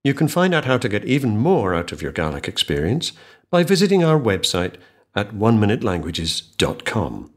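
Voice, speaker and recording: A male teacher with a low voice presents a scripted podcast language lesson. His intonation rises and falls animatedly. He speaks clearly and slows right down when he models each phrase for the listener. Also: big pitch swings.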